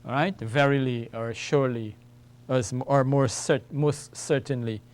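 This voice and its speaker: A man's voice: medium pitch, steady tone, a little slow, darkish tone. A man teaching an Arabic lesson, explaining letters and repeating words so students can follow, often checking in with "okay?". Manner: ends phrases with "all right?" and "okay?". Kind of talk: classroom lesson at a whiteboard.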